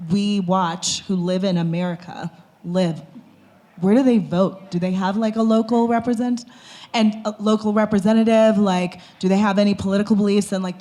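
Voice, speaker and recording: A woman's voice: mid-range voice, mellow. A woman speaking as a panelist in a casual discussion, chatty and loose with lots of filler words. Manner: conversational, many fillers like "like" and "you know".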